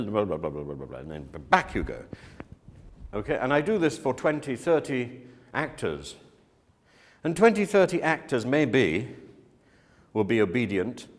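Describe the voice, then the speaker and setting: A man teaches a room of students at a slow, deliberate pace, his slightly low voice rising and falling in lively swoops. He acts out the things people say with sudden emphasis. The recording carries a long reverb, as in a large hall. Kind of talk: talk to students on directing and teaching.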